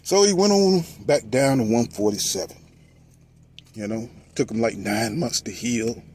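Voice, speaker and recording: A man talking casually about boxing, telling the story with lively delivery and mocking voices for the people he quotes. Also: medium pitch, a little slow, slight background noise. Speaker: boxing commentator.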